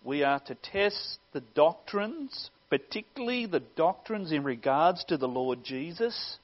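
A male pastor preaching a sermon earnestly, swelling louder on key phrases and dropping low at their ends. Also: very animated, unhurried, lo-fi sound.

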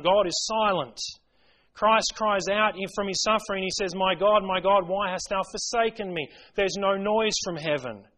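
A man delivers a sermon in a fairly high voice. He speaks earnestly, pressing his points with mounting emphasis and quoting scripture along the way. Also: fairly bright tone, low-quality recording. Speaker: preacher.

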